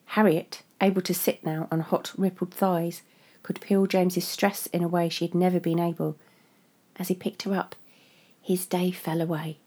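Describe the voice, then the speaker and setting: A woman narrating a literary story in a measured, restrained way. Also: on the low side, level tone, mellow, breathy edge.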